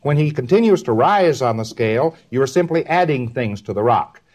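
A man's voice: medium pitch, expressive, a little fast, a little mellow. A man giving a recorded lecture, rambling and repeating words in rhythmic runs, often ending on a tag question.

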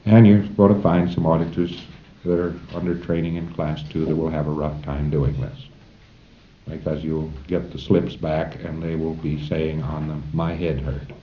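A man's voice: extremely low pitch, flat delivery, normal speed, a little hiss or hum. A man lecturing a class of trainees in a folksy way, chuckling now and then and acting out short exchanges between tutor and student. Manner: folksy, chuckling, acts out dialogues. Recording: roomy, dull old lecture tape.

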